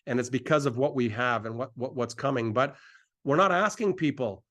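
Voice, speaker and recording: A middle-aged man hosting a live presentation, delivering an excitable, repetitive sales pitch and hyping himself up as he goes. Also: brisk.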